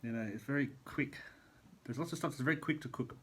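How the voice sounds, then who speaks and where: A man's voice: mid-range voice, quick pace, a bit bright, breathy edge. A middle-aged man, a chef, chatting casually in a vlog from a hotel room, rambling and eating as he talks. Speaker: chef vlogger.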